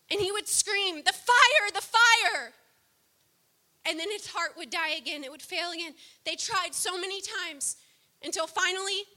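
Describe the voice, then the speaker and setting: A woman preaching a sermon, impassioned, swinging from soft, low passages to loud outbursts.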